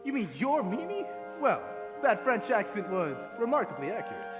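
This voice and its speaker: A man's voice: high-pitched, sing-song, normal speed. A young man playing an earnest, lovestruck groom who pleads sincerely. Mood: pleading. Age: teens. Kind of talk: stage musical acting. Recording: reverberant auditorium stage with music.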